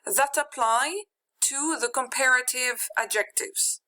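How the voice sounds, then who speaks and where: A woman teaching a grammar lesson with a high, bright voice. She takes her time, laying out each rule step by step. She says example words slowly and repeats them so students can follow. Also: low-quality recording. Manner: walks through rules step by step. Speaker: English teacher.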